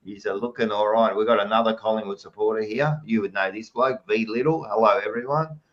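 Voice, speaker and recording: A man's voice: on the low side, fairly even intonation, a little fast, muffled recording. An Australian man hosting a podcast, chatting casually and reading out live chat messages with jokey, blokey banter, calling everyone mate. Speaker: podcast host.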